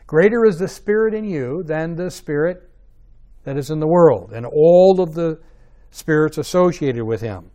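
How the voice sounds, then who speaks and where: A man's voice: fairly high pitch, mellow. A man teaching a Bible study in a conversational way, checking in with rhetorical questions and rising to emphatic stresses.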